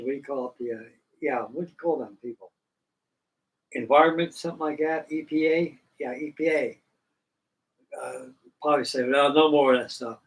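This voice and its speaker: A man's voice: on the high side, recorded from a distance, low-quality recording. A middle-aged man hosting a live stream, chatting casually and folksily while he builds models, with rambling talk and casual swearing.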